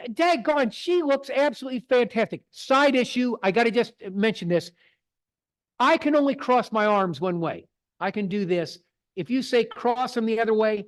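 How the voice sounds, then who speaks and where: A middle-aged man, presenting to a photography club in a folksy, digressing storytelling way. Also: sits high. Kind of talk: casual talk with slides. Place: club meeting room.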